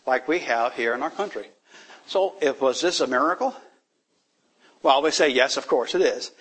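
Husky, animated male Bible teacher. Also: a little high. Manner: animated, laughing, reads verses aloud. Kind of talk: casual Bible study talk.

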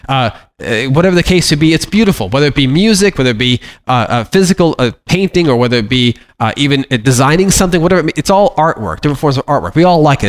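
Middle-aged guy leading a bible class, chatty, stumbles and repeats words, mid-pitched voice. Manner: conversational, repeats words and restarts, acts out plaintive prayers. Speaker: teacher of a congregation. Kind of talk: informal Bible teaching.

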